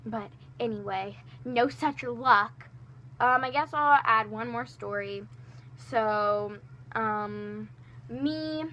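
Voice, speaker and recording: A woman's voice: a little high, slow. Chatty teenage girl telling school stories. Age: teens. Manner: rambling and animated, with many fillers and restarts. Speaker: storytime vlogger. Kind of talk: casual storytime chat.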